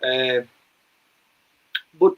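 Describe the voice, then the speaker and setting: A man's voice: drawn-out words, narrow, tinny audio. A man with an Irish accent hosting a conversational podcast interview. He talks in an earnest, persuasive way and repeats words to stress a point. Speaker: podcast host.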